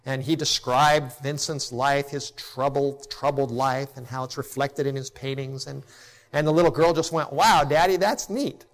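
A middle-aged man preaching a sermon, impassioned, rising to emphatic peaks and then dropping soft, telling stories with acted quotes. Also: medium pitch, little pitch movement, normal speed.

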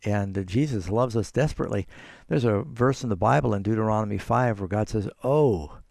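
A man's voice: fairly low pitch, fairly quick, gravelly, darkish tone, dry recording, studio quality. A man hosting a call-in radio show as a pastor, earnestly explaining and quoting scripture. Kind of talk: call-in radio Bible answers.

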